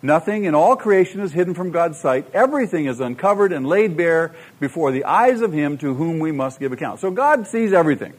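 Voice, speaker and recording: A man's voice: a little high, lively intonation, brisk, few pauses, slightly rough. A middle-aged man preaching a sermon, emphatic and full of rhetorical questions to the congregation. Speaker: pastor.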